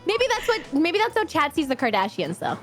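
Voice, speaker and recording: A woman's voice: high voice, sing-song, a little fast, soft background music. A woman streamer in casual chat, bubbly and theatrical, often giggling.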